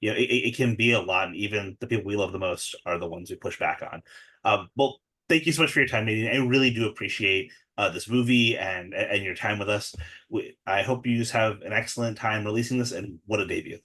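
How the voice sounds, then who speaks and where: A man's voice: on the low side, fairly quick, bright, forceful tone. A man interviewing a film director, speaking casually and appreciatively as he wraps up. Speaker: entertainment interviewer.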